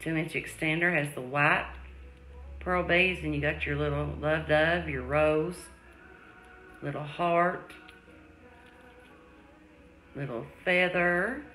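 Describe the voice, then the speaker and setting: Low-voiced woman selling jewelry live. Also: fairly even intonation, slow pace, long pauses, fairly bright tone, a little hiss or hum. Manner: chatty, calls viewers sweetie, love and darling. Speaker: seller hosting a live jewelry sale. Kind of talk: live-stream selling chat. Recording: echoey room.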